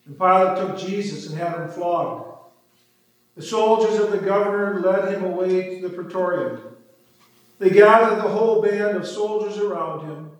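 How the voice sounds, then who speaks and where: A man's voice: high voice, normal speed. A man giving a dramatic scripture reading, lifting his voice for the quoted speech. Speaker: scripture reader. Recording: very echoey room, distant mic.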